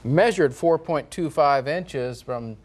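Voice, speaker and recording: A man giving a local TV weather forecast in a relaxed, folksy way. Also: on the high side, slow pace. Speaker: TV meteorologist.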